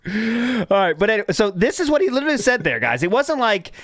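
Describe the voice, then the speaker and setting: Male podcast host from the US, mocking banter, animated delivery, dry booth sound. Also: high-pitched, fast talker, dry recording. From United States. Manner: mocking, laughs often. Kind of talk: casual podcast chat.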